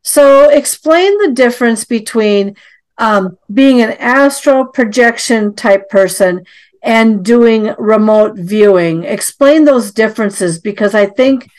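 A woman's voice: fairly high pitch, animated, slow. A woman interviewing a guest, mostly giving short encouraging prompts and asking probing questions.

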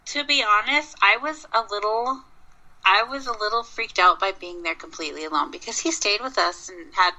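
A woman's voice: fairly low pitch, gravelly, bright, forceful tone, rough recording. A woman from Minnesota, a Bigfoot researcher, telling long rambling stories in a casual interview. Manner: rambling, with many restarts and fillers.

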